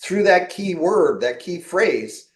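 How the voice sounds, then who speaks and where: Chatty podcast host in an echoey room. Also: male voice, high-pitched, sing-song, slow pace. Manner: storytelling, acts out quoted exchanges with laughs. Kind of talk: casual podcast chat.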